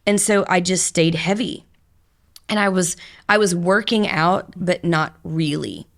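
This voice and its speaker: Her voice lowish and gravelly, her pace measured, a middle-aged woman who owns a business speaks as a guest on a podcast. She shares her story openly and candidly, in long run-on stretches of conversation.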